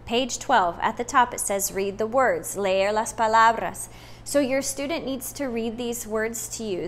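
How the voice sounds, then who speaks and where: A woman's voice: fairly high pitch, a little hiss or hum. A woman teaching a first-grade phonics lesson, switching between English and Spanish and stretching out vowel sounds. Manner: repeats each step in English then Spanish, stretches words slowly; emphatic "no" and drawn-out vowel sounds.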